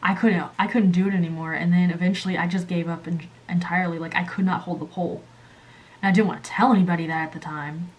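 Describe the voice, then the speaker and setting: A woman hosting her channel, telling a story casually while coloring, animated and chatty, jumping up in pitch when she acts out quotes. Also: fast. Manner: chatty, many fillers and asides. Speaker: channel host.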